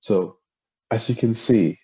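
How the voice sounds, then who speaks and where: Male language tutor, husky low voice, patient and halting, recorded without a proper mic. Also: warm tone, muffled recording. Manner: hesitant, lots of ums, spells out syllables and tones. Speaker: language teacher. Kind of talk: relaxed explanatory lesson.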